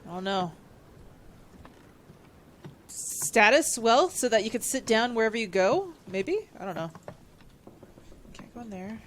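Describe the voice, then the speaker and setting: A woman streamer giving casual, excitable gameplay commentary and reading on-screen text aloud. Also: medium pitch.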